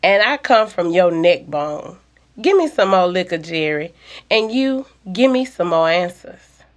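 A woman's voice: fairly low pitch, expressive, unhurried. A woman voicing a bold, flirtatious, sassy barroom woman in an audiobook story. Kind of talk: audiobook dialogue.

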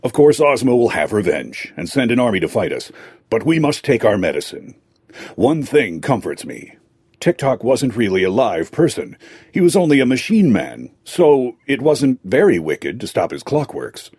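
A man's voice: mid-range voice, sing-song, normal speed, husky, dry recording, studio quality. A man doing a blustering gnome king. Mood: meek. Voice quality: blustering, shouting then meek. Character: furious, greedy, cowardly male gnome king.

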